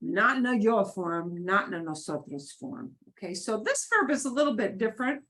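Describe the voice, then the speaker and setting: A woman teaching a beginners' Spanish class, explaining grammar patiently with lively rises and falls in her voice. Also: mid-range voice, moderate pace.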